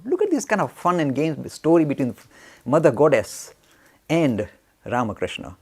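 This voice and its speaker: A man telling a spiritual story as a lecture. He talks in an animated way, waving his arms, and asks himself questions that he then answers. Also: on the high side, moderate pace, breathy edge. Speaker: spiritual teacher.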